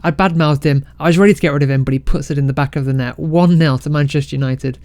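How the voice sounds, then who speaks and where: A man casually commentating his football management game, excitable and self-mocking. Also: on the high side, fast talker, no room sound. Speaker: game let's-play creator.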